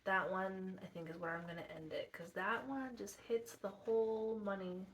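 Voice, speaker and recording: A young woman vlogging about self-belief, soft-spoken and introspective, thinking aloud with pauses and speaking earnestly to her viewers. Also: mid-range voice, fairly even intonation, slight background noise. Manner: addresses viewers directly and earnestly. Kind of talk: reflective personal vlog.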